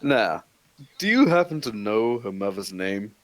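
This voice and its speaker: A man's voice: on the low side, very animated, unhurried, dry recording. A man playing a formal federal agent. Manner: formal, official.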